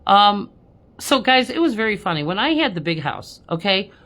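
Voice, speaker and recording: Woman, spiritual medium, casual live-stream talk, medium pitch, laughs a lot, keeps saying okay. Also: sing-song, normal speed, a bit bright. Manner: chatty, laughing, says "okay?" constantly. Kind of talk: live-stream reading to viewers.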